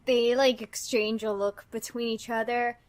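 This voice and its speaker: A woman's voice: on the high side, level tone, a little slow. A woman narrating a tabletop game as game master, in a loose way full of fillers.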